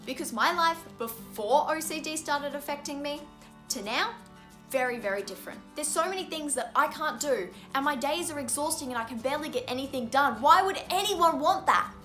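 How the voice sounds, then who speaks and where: A young woman with a high, bright, ringing voice talks straight to camera, earnest and openly frustrated, leaning on repeated words for emphasis. Soft music plays faintly underneath. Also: animated, fairly quick. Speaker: vlogger. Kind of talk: explanatory vlog to camera.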